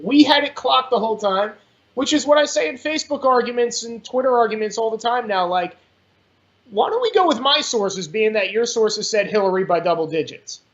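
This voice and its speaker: His very high-pitched voice runs a little fast as he swears freely and speaks bluntly in a casual political chat. He's an animated podcast guest, heard through dull lo-fi audio.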